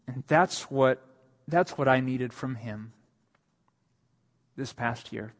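A male pastor preaching a sermon. His voice swells to emphatic peaks on quoted lines and sinks soft and low when he speaks of his own need. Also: slow, big-room sound. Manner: rises to emphatic, raised delivery on quoted lines, then drops soft and low.

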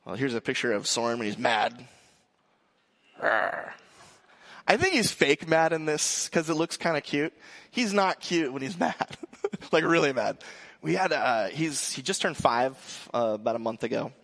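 A male pastor in his thirties giving a sermon, joking and telling a lively family story. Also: medium pitch, moderate pace.

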